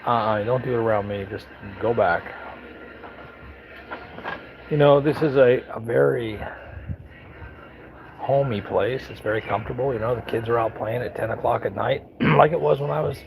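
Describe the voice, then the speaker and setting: A gravelly-voiced American man in his fifties or sixties tells stories in a blunt, folksy way, swearing now and then. His voice sits at an ordinary pitch, and a faint hum of ambience runs underneath. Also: normal speed, pauses often. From United States. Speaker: vlogger. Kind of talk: casual storytelling monologue.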